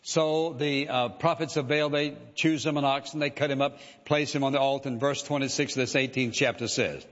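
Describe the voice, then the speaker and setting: A man's voice: mid-range voice, steady tone, a little fast, hardly any pauses. A man preaching a sermon in a conversational way, with many "uh" fillers and "listen" asides. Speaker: pastor. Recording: reverberant hall, dull lo-fi sound.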